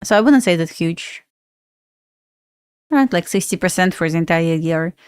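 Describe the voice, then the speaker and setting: A fairly low, clear, resonant voice belongs to this Belarusian-accented woman from Belarus, animated and speaking at normal speed. She hosts a trading livestream in a chatty way, answering viewer questions she reads aloud and laughing frequently, in a dry, studio-quality recording.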